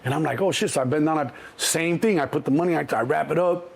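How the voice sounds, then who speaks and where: A middle-aged man, telling stories as an interview guest in a lively, profane way and acting out other people's voices. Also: quick pace, gravelly. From Chicago. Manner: animated, acts out other people's voices in a higher pitch, profane. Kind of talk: storytelling in an interview.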